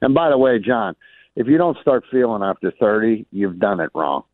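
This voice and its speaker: A man guesting on a radio show, chatting in an animated way, laughing and saying "dude" often. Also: lowish voice, moderate pace, no echo. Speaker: radio guest, comic actor. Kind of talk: casual radio interview. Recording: phone-line guest audio.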